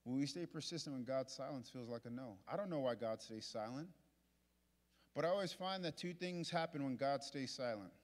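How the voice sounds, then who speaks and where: A male pastor preaching a sermon in a large church auditorium, repeating his points and moving from hushed to loud. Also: medium pitch, lively intonation, brisk. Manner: impassioned, repetitive preaching that swings from hushed to loud. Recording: long hall reverb.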